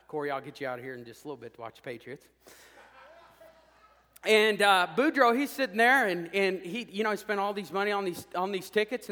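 A man preaches a sermon in a folksy, joking way, pushing his points with emphatic, rising peaks. His voice sits high and sounds bright and forceful. The sound carries a long reverb from a big hall. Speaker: pastor.

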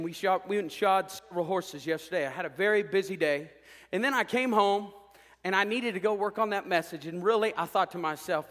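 A man preaches a sermon in a folksy, joking way, pushing his points with emphatic, rising peaks. His voice sits high and sounds bright and forceful. The sound carries a long reverb from a big hall. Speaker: pastor.

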